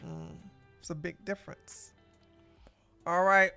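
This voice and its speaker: A woman hosting a live political commentary stream, animated and sarcastic, exclaiming and talking to her chat. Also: on the low side, takes it slowly, clear, resonant tone, dry recording, faint music behind. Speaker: podcast host.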